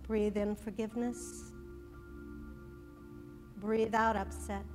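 A woman minister giving a sermon, then leading a slow, soothing guided breathing meditation at a church service. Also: medium pitch, little pitch movement, in a large hall, music in the background.

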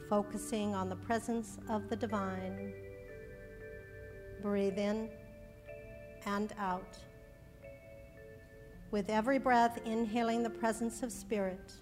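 A woman minister giving a sermon, then leading a slow, soothing guided breathing meditation at a church service. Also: mid-range voice, in a large hall.

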